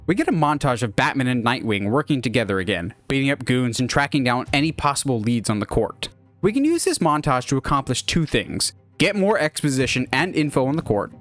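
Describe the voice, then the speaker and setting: A man narrating a movie pitch in an enthusiastic, animated way. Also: fairly quick, faint music behind. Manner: animated, lively.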